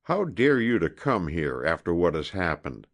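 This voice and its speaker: A man's voice: low voice, big pitch swings, moderate pace, gravelly, heavily acted. A man voicing a proud, defiant young woman in an audiobook, speaking coldly and firmly. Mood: indignant. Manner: cold, firm and indignant. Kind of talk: audiobook character reading.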